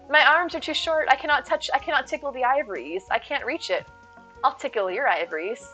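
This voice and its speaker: A woman's voice: on the high side, expressive, brisk, bright, forceful tone, dull audio, soft background music. A woman streaming live and chatting with viewers, playful and silly, full of jokes and puns.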